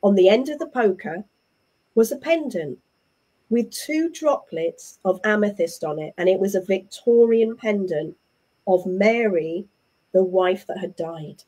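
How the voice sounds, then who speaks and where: Chatty English woman, mellow voice. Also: medium pitch, measured pace. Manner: animated, chatty storyteller who acts out what others said. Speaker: interview guest. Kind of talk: casual conversational storytelling.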